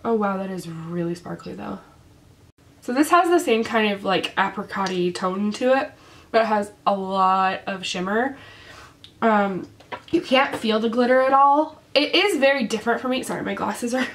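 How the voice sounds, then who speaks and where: A woman's voice: mid-range voice, lively intonation, unhurried, a bit bright. A young woman talks straight to the camera about makeup in a chatty, casual way. Her voice is worn and sick, and she leans on plenty of ums and likes as she goes. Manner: chatty with many fillers. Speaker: beauty vlogger. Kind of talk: casual product review.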